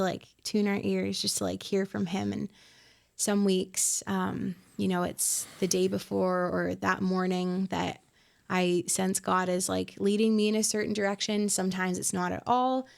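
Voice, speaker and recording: A woman in her twenties, a worship pastor being interviewed on a podcast, talking in a reflective, soft-spoken way with many fillers. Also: medium pitch, little pitch movement, measured pace, vocal fry. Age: 20s.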